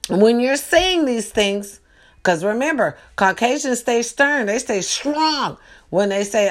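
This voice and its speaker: Brief: young woman host, casual night chat, animated and teasing, streetwise tone. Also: on the high side, slow pace, faint music behind.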